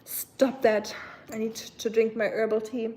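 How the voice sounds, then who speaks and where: A woman's voice: on the high side, flat delivery, measured pace, warm tone, a little hiss or hum. A young woman from Germany, casually chatting and answering her live chat as a streamer, with lots of fillers. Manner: chatty, reads chat aloud, many fillers. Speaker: livestream host.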